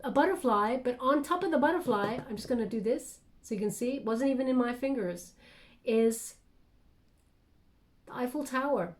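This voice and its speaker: A woman's voice: fairly high pitch, animated, normal speed. A woman giving a channeled tarot reading to camera, musing and hesitant, with many fillers and restarts. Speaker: tarot reader.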